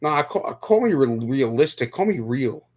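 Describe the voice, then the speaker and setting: A man's voice: mid-range voice, very animated, normal speed, a little mellow. A young man from New York talking casually on a live stream, rambling, stumbling over repeated words and answering viewers. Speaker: livestream host.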